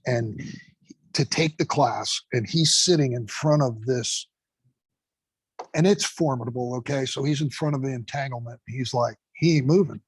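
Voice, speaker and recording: Husky, emphatic male storyteller. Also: mid-range voice, normal speed, no room sound, low-quality recording. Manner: emphatic storyteller who swears freely. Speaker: guest, class instructor. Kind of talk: casual interview talk.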